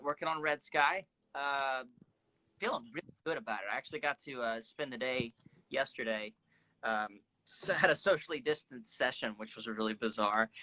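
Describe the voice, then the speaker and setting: A man's voice: medium pitch, bright, forceful tone, poor audio. A young man, a singer hosting a phone livestream from home, chatting in an easygoing way with lots of fillers. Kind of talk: casual chat.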